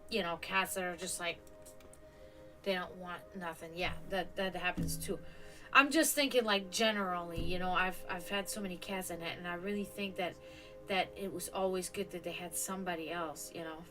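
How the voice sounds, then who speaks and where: A woman's voice: on the low side, moderate pace, over music. A woman hosting a live stream, chatting casually and rambling, with frequent restarts and offhand swearing. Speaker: stream host.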